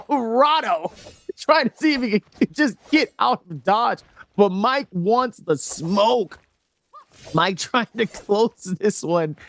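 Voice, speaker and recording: High, lively male esports caster. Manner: laughs often, jokey banter with chat. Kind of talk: live play-by-play commentary.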